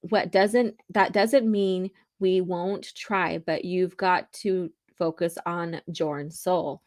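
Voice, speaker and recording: A woman's voice: fairly low pitch, steady tone, slow pace, darkish tone. A woman reading the lines of a stern male rebel captain from a comic, with only small lifts in her voice and a few stumbles. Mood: urgent.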